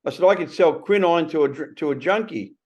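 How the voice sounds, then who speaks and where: An Australian man in his sixties hosting a casual conversation, blunt and animated, swearing freely. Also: fairly high pitch, fairly quick. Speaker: podcast host. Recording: slightly muffled recording.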